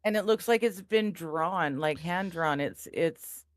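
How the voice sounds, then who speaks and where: A woman's voice: lowish voice, unhurried, no room sound, studio quality. A woman co-hosting a live stream, reading chat comments aloud and teasing the host with frequent giggles.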